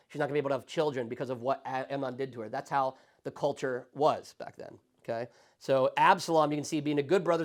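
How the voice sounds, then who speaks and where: A man teaching a Sunday school Bible study as pastor, animated and acting out quoted lines in different voices. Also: a little high. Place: church classroom.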